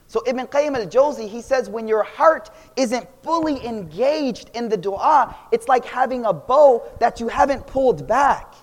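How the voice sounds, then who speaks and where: A young man giving a casual, animated Islamic talk full of slang, swinging between loud and quiet. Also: very high-pitched, a little slow, hardly any pauses. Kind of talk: casual storytelling lecture. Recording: long reverb of a hall.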